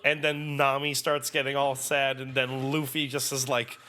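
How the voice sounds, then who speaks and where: A young man hosting an anime reaction video, chatting in an excitable, profane, animated way. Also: mid-range voice, normal speed, a little hiss or hum. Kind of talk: casual reaction commentary.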